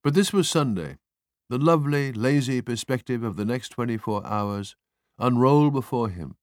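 A man narrating literary fiction as an audiobook, measured and expressive. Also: mid-range voice, no room sound, clean studio sound.

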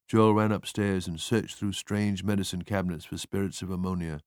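A man narrating literary fiction as an audiobook, measured and expressive. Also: sits low, no room sound, studio quality.

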